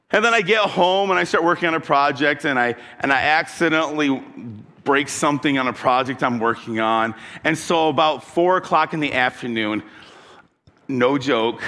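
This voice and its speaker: A man preaching to his congregation in a plain, mid-pitched voice, moving easily from scripture to stories from his own week. He talks to the listeners directly and asks them questions. His voice carries a long reverb, as if he is speaking in a large church hall. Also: sharp tone. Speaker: pastor. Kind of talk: sermon.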